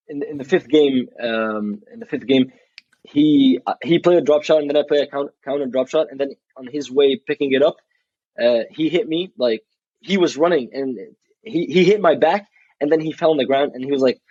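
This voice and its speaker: A man's voice: mid-range voice, normal speed, mellow, dry recording. A young man, a college athlete guest, telling a story in a casual interview, frank and blunt, swearing freely and restarting his sentences often. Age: young adult. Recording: dull, dry recording.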